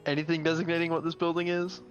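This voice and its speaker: A man playing a tabletop game, curious and asking quick questions. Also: a little high, completely flat delivery, faint music behind. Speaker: player. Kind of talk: casual tabletop game chat.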